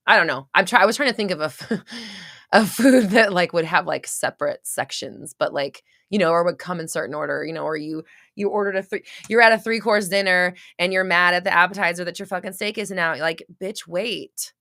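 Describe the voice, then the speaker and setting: A woman's voice: on the low side, a little fast, bright, forceful tone, no echo, clean studio sound. A woman hosting a live show, talking frankly with listeners, swearing often, full of fillers and restarts, and acting out little scenes. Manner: acts out little scenes in quoted voices. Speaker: podcast host answering listeners. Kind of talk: casual live chat.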